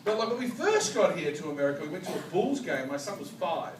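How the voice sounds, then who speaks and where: A man with an Australian accent performing live stand-up comedy, telling stories in a rambling, animated way with a lot of "like". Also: a little high, fast talker. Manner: animated, rambling, heavy use of "like". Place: comedy club bar stage. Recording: roomy live club from a distance. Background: loud audience laughter and crowd noise.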